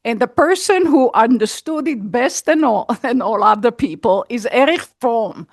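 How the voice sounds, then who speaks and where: A woman's voice: a little high, expressive, normal speed, no echo, studio quality. A woman in the audience making an earnest, emphatic comment, repeating her key words. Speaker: audience member asking a question. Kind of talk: unscripted comment from the floor.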